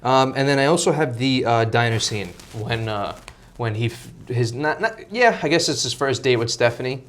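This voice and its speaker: A young man hosting a casual movie chat, talking fast with lots of restarts and laughs. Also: mid-range voice, lively intonation, a bit bright, a little hiss or hum. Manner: chatty, laughing, many restarts. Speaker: host.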